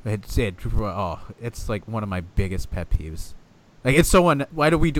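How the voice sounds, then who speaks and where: Animated, cursing man ranting on a podcast. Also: fairly low pitch, normal speed. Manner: animated, swears often, rants with exasperation. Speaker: podcast co-host. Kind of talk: casual wrestling podcast chat.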